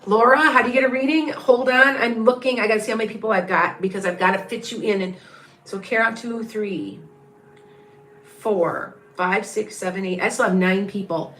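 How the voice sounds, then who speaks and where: At a moderate pace and in a steady, fairly bright medium-pitched voice, a middle-aged woman gives livestream psychic readings. She repeats herself and rambles as she thinks aloud, murmuring counts and naming viewers.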